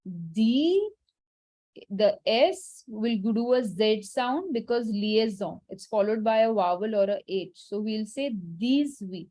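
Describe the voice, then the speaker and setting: A woman teaching French numbers in an online class, repeating each word slowly and carefully. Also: mid-range voice, warm tone. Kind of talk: online language lesson. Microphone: video call.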